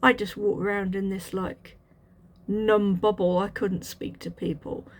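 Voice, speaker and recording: A woman telling her personal testimony in a halting, reflective way, with restarts and fillers. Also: mid-range voice, little pitch movement. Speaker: channel host sharing a testimony.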